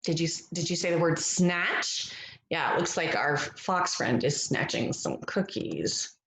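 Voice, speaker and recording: A woman reading a picture book aloud as a phonics lesson, gentle and encouraging, stretching out the vowel sounds. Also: low voice, big pitch swings, measured pace, gravelly, echoey room. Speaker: reading teacher.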